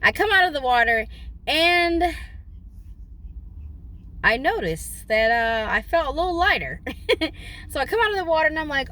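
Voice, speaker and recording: Bright-voiced young woman telling a story. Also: normal speed, pauses often. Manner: animated, dramatic retelling with big pitch jumps. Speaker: vlogger. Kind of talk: casual storytelling.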